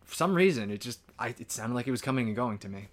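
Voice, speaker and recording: Fast and mid-range in pitch, this man co-hosts an easygoing movie-review podcast and comes from the US East Coast. His manner is lively: frequent laughter and quoted lines delivered in a raised voice.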